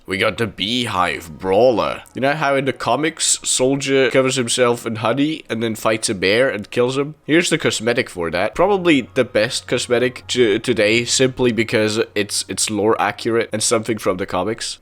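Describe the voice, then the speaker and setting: A man's voice: lowish voice, a bit bright. A young man casually commenting on video game items, chatty and enthusiastic, often laughing.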